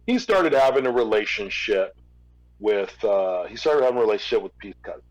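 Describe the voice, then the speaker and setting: A man's voice: on the low side, lively intonation, brisk, muffled recording. A man, a former record label executive, telling a long story in a casual interview, with fillers and restarts.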